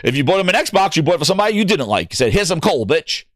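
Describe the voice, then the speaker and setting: A man's voice: high voice, sing-song, racing, a bit bright, no echo, studio quality. A man hosting a gaming livestream, talking casually, reading chat aloud and joking in mocking voices.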